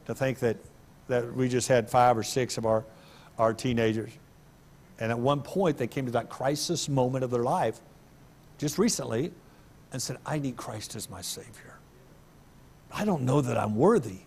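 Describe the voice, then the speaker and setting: A middle-aged male pastor preaching a sermon in a church, breaking into sudden loud, high bursts of emphasis. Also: normal speed, pauses often, slightly rough. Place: church sanctuary.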